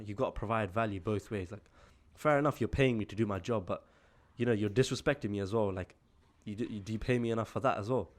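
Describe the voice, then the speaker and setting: A man's voice: fairly low pitch, a little mellow. A man of twenty-two, telling a casual story-time vlog in a chatty, exasperated way, full of "like" fillers. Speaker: vlogger.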